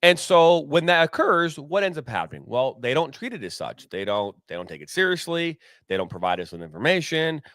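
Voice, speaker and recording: A man's voice: a little high, sing-song, brisk, few pauses, fairly bright tone, no echo, studio quality. A man co-hosting a soccer podcast, ranting candidly with frequent swearing and rambling restarts. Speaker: soccer commentator and podcast co-host. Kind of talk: candid opinionated podcast rant.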